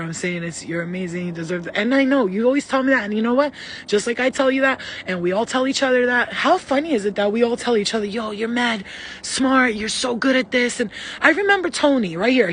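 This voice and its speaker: A woman spiritual healer in a casual live stream, talking bluntly with lots of swearing and animated, acted-out quotes. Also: mid-range voice, a little hiss or hum. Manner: blunt, profane and animated, acting out quoted voices.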